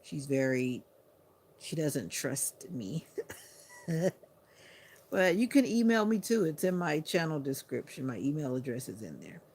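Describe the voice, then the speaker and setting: Sleepy, gravelly-voiced woman chatting on a livestream. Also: low voice, sing-song, a little mellow. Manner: unhurried, chatty, talking to viewers. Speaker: livestream host. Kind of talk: casual livestream chat.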